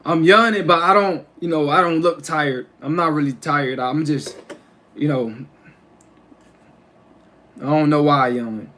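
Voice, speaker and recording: A man's voice: fairly high pitch, measured pace, long pauses, pushed and bright. A man hosting a casual livestream from home, rambling and repeating himself as he restarts his phrases. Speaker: livestream host.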